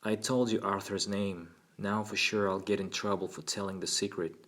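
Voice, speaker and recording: A man voicing a frightened eight-year-old boy who speaks timidly and haltingly. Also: on the low side, steady tone, fairly bright tone, lightly acted. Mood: scared.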